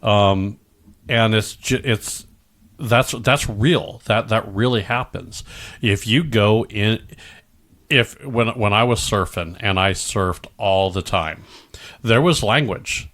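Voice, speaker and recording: Rambling Midwestern man, low voice. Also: slow, a bit bright. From American Midwest. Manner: rambling, restarts often, slips into goofy put-on voices. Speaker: podcast co-host. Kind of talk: casual chat.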